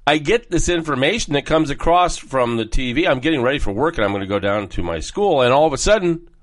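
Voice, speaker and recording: A man's voice: medium pitch, lively intonation, fast. Rambling, heated male talk host. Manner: rambling, heated, jumps between topics. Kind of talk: opinionated political monologue.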